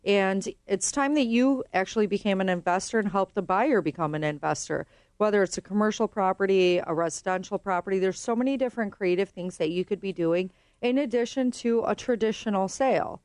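A woman's voice: medium pitch, fairly quick, few pauses, darkish tone, smooth, no room sound. A woman speaking as a real estate guest in a radio studio, chatty and explanatory. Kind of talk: radio interview.

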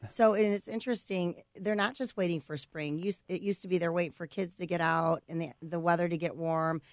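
A woman speaking as a realtor guest on a radio show, excited and out of breath. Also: lowish voice, a little fast, dry recording, clean studio sound. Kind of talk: radio interview chat.

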